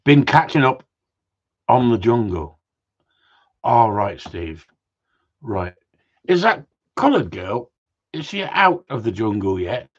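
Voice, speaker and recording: A man's voice: mid-range voice, big pitch swings, takes it slowly, pauses often. A man hosting a casual live stream about gundogs, bantering, swearing and reading out viewer messages. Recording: dull lo-fi sound.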